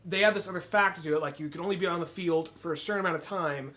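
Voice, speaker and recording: A man's voice: on the high side, very fast, sharp tone. A man co-hosting a podcast in casual chat, hesitant and full of "like", laughing as he talks. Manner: hesitant, many likes, laughs into his lines. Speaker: podcast co-host.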